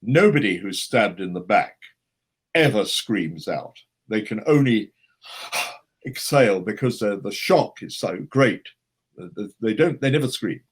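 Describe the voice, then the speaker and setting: This is a stately elderly actor, as a man imitates him in a story, grave and formal. The voice is low and husky. He speaks in a measured, courteous way that still commands. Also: animated. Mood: firm, instructive.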